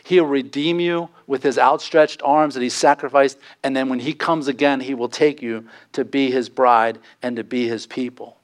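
A man's voice: medium pitch, steady tone, normal speed, hardly any pauses. A man preaching a sermon, earnest and pleading, his voice climbing for emphasis. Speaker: pastor.

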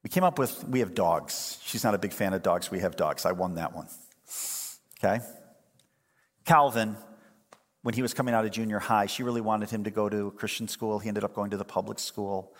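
A man's voice: on the low side, fairly quick, pauses often. A man in his late fifties or older, preaching a sermon as pastor, mixing humorous stories with earnest exhortation. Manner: conversational, humorous storytelling. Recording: long hall reverb.

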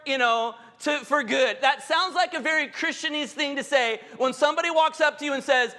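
A man's voice: very high-pitched, fast, hardly any pauses, sharp tone. A man preaching a sermon in a candid, humorous, conversational way. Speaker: pastor. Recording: hall reverb.

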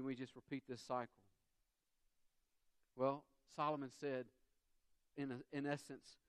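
A man's voice: medium pitch, steady tone, a little slow, pauses often, clear, resonant tone, dry recording. A man with a Southern US accent preaching a sermon, acting out quotes and everyday dialogue as he goes. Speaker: pastor.

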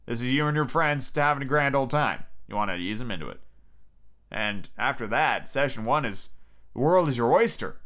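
A man's voice: a little high, fairly bright tone, clear, resonant tone. A man hosting a podcast, chatting casually and giving emphatic, joking advice on running tabletop games. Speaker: podcast host. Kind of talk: casual chat giving game master tips.

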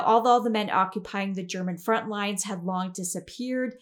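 A woman hosting a podcast, giving a casual history recap in a chatty way with fillers and frequent giggles. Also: medium pitch. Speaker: podcast host.

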